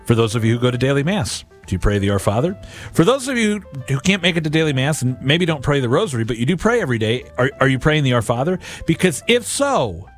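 A man's voice: mid-range voice, very animated, fast talker, faint music behind. A man hosting a daily gospel reflection, talking earnestly and directly to his listeners and often repeating words as he goes.

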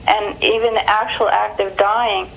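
A woman's voice: mid-range voice, flat delivery, a little slow, vocal fry, fairly bright tone, a little hiss or hum, rough recording. A woman from California calling in to a show, hesitant, with many ums and restarts. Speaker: caller. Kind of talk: phone-in question.

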